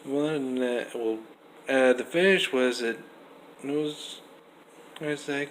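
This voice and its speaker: A young man giving a casual, rambling wrestling review, restarting sentences often and getting animated. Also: mid-range voice, unhurried, pauses often, rough recording. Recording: faint background noise.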